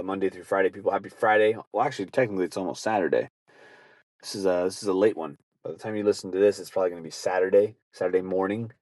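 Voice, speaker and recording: Deep-voiced man rambling casually. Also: a little mellow, no room sound. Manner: rambling storytelling with acted asides. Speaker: podcast host. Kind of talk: casual monologue.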